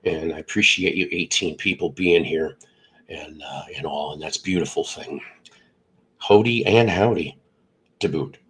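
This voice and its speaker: Stuffy middle-aged guy rambling on his live stream, low husky voice, jokey. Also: normal speed, a bit bright, poor audio. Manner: rambling, jokey, greets viewers by name. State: congested from illness. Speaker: livestream host. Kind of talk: casual live chat with viewers.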